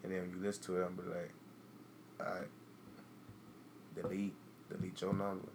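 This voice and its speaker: A man's voice: low-pitched, completely flat delivery, fairly quick, noisy background. A man co-hosting a casual podcast, talking bluntly, swearing freely and acting out what he would say. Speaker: podcast co-host. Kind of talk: casual chat.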